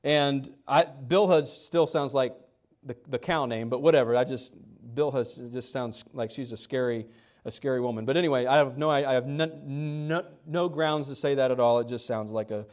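A pastor with a mid-range voice preaches a sermon at a normal pace in a conversational way, often restarting sentences and acting out quotes. The recording has a dull, lo-fi quality.

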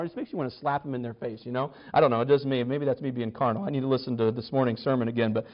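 A man's voice: a little high, fast talker, hardly any pauses. A man teaching a conversational Bible study, chatty, with wry humor and frequent restarts. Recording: slightly dull lo-fi recording.

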